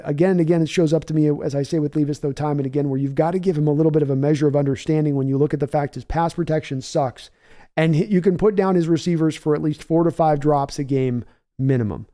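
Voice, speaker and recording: A man's voice: on the high side, steady tone, quick pace, dark tone. Opinionated man streaming game commentary. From United States. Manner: reads viewer chat aloud and answers conversationally; opinionated, analytical, rambling. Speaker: livestream host. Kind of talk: live game reaction commentary.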